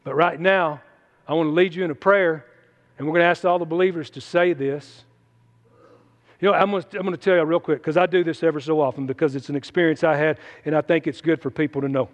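Man preaching, high and folksy. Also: steady tone, quick pace. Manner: folksy, emphatic, drops to quiet asides. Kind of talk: sermon. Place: church hall. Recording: long hall reverb.

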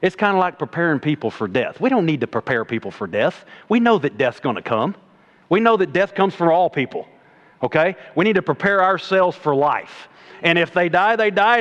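Man preaching, fairly high voice, animated, folksy, swings loud and low. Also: a little fast, lo-fi sound. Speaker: preacher and middle school coach. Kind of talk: sermon.

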